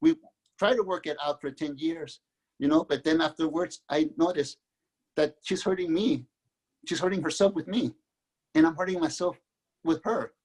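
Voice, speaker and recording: Husky earnest man telling his story. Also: on the high side, a little mellow. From Mexico. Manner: earnest, halting with restarts. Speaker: guest author. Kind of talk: candid personal storytelling.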